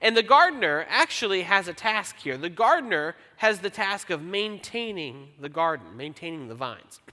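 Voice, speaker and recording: A man preaching a sermon as pastor, conversational and self-deprecating, reading scripture slowly. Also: high-pitched, sing-song, bright, forceful tone. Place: church auditorium. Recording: long church hall reverb.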